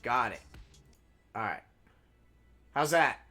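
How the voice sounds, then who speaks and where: A man commentating his own gameplay live, excitable and swearing at the game, then talking softly to his pet. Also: medium pitch, takes it slowly, soft background music. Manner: soft baby talk to a pet. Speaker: game streamer.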